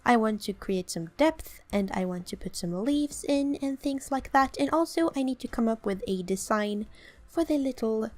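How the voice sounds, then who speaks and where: A woman's voice: a little high, expressive, moderate pace, darkish tone. Young swedish woman talking thru her game build, chatty and a bit self-deprecating. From Sweden. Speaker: let's play host. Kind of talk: casual gameplay commentary.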